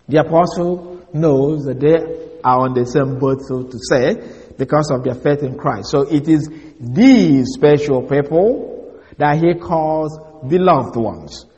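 A man teaching a Bible passage as an expository sermon, speaking deliberately and emphatically and repeating key phrases. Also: on the high side, expressive, darkish tone, highs cut off. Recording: long hall reverb.

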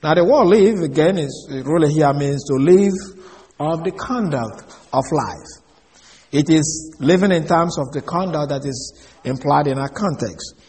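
A man giving an expository Bible lesson, measured and explaining Greek words one by one. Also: a little high, expressive, darkish tone, big-room sound. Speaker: Bible teacher.

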